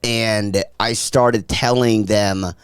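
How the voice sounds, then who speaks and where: A man's voice: on the low side, fairly even intonation, extremely slow, smooth, no echo, clean studio sound. A young man telling an offhand, joking story in a casual podcast chat.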